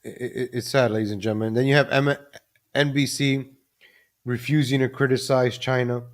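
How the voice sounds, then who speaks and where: With flat delivery at medium pitch and normal speed, a live-stream host vents about current events. He keeps turning to his audience with a repeated "ladies and gentlemen."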